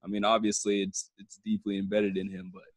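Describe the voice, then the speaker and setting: A man co-hosting a casual sports podcast, relaxed and quick to laugh. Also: lowish voice, husky, dry recording. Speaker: podcast co-host. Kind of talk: casual chat.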